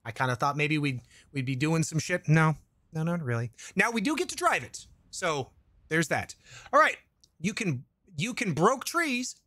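A man's voice: fairly high pitch, big pitch swings, moderate pace, sharp tone, no room sound. A man doing casual let's-play commentary into a desk mic, rambling with jokey asides, swearing and reading chat aloud. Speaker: gaming YouTuber. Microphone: desk microphone.

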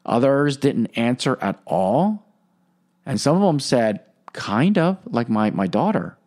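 A man hosts a Catholic podcast and talks through his thoughts in a loose, unscripted way. His voice sits at a middle pitch but swings widely, jumping up when he stresses a point. He fills his pauses with "um" and "you know". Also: big pitch swings, a little mellow. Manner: rambling, many fillers, swings pitch up for emphasis. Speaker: podcast host and Catholic teacher. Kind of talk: casual spoken reflection. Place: Franciscan lay member.

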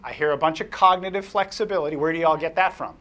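A male presenter tells a lively story to a workshop audience and then questions the room. His voice sits a little high and bright, and his speech is animated, with plenty of ums and restarts. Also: quick pace. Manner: animated, anecdotal, frequent fillers and restarts.

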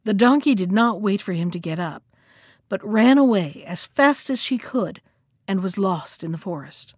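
A woman reading a folktale aloud as a storyteller, lively in the quoted lines. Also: mid-range voice, moderate pace, slightly rough, no echo, clean studio sound. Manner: expressive, acts out the characters' lines.

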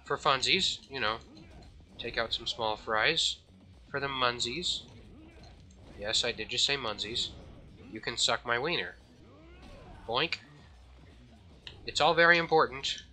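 A man giving casual, jokey let's-play commentary at home, self-mocking, slightly out of breath, with sudden high yelps. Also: a little slow, long pauses, pushed and bright, a little hiss or hum. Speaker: gaming channel host.

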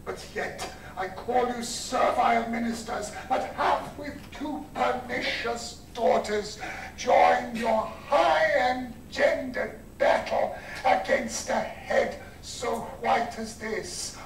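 A man playing a raging old king defying a storm, in old-fashioned declamatory stage style with old-fashioned received pronunciation, slow and held with sudden shouts. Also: very high-pitched, vocal fry, a little hiss or hum, heavily acted. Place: university lecture hall. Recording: roomy hall heard from far off.

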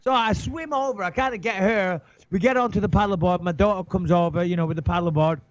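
A man in an interview telling a story in a casual way. He is animated, swears a lot and acts out his own panicked thoughts. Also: high voice, fast talker, no echo. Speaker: interview guest. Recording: dull, dry recording.

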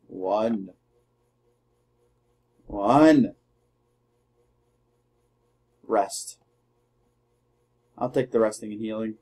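A man doing let's play commentary, trash-talking his opponents and shouting battle cries. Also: on the low side, very slow, pauses often, husky. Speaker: gamer.

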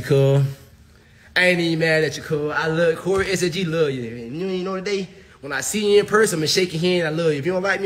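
A man's voice: a little high, a bit bright. A man ranting on a casual livestream, profane and emphatic, tacking "bro" onto nearly every sentence.

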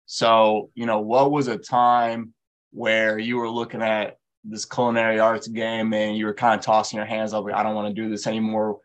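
Low flat-voiced man moderating a panel. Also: moderate pace. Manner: relaxed, filler-heavy questioning. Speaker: workshop host and interviewer. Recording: dull lo-fi audio.

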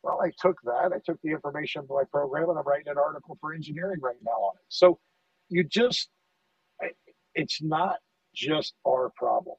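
A middle-aged man, a fire lieutenant in a casual podcast conversation, telling animated stories and acting out the dialogue. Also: on the high side, fast, no echo, recorded from a distance. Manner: animated storyteller, acts out quoted dialogue, repeats words. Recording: dull dry audio, off-mic.

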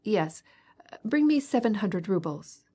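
A woman's voice: mid-range voice, big pitch swings, slow pace, warm tone, slightly rough, full character voice. A woman voicing a jovial, blustering older count who gives bluff, hearty commands.

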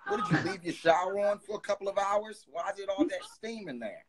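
A young man in his twenties hosting a phone live stream, chatting casually and teasing his callers with quick banter. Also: sits high, animated, a crowd in the background. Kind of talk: casual live video chat.

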